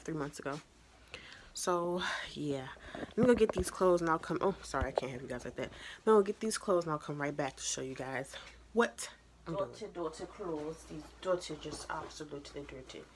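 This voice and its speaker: A woman's voice: lowish voice, background noise. Chatty woman vlogging her laundry. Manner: chatty, joking, talks to viewers while doing chores. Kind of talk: casual vlog chat. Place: home laundry area.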